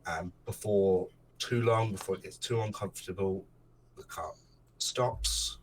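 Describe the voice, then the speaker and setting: Deep-voiced man narrating a tabletop game. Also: unhurried, a little hiss or hum, poor audio. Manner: rambling, with many ums and restarts. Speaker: game master. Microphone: desk microphone.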